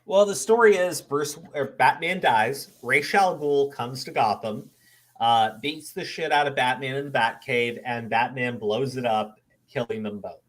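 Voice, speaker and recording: Male podcast host at mid pitch, loose casual chat, stumbles and restarts, curses freely. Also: unhurried, a bit bright. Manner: rambling, swears casually, repeats words as he restarts.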